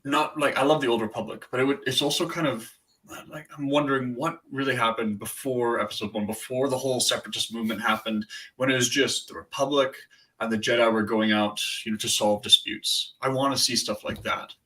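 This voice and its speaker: A man's voice: mid-range voice, steady tone, fairly quick, bright, forceful tone. A man co-hosting a pop culture podcast, talking hesitantly and restarting his sentences in casual chat. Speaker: podcast co-host.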